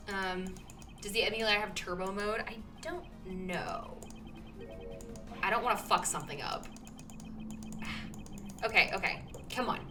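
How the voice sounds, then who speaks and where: A young woman streaming a video game, chatting casually and swearing and apologizing in flustered bursts. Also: mid-range voice. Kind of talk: casual gaming commentary. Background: faint game music.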